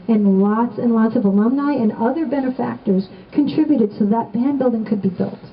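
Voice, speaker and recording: A middle-aged woman giving a heartfelt remembrance speech to a gathered audience, storytelling with gentle humor. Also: medium pitch, highs cut off. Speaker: assistant band director giving a remembrance talk. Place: indoors on the steps of a renovated old building.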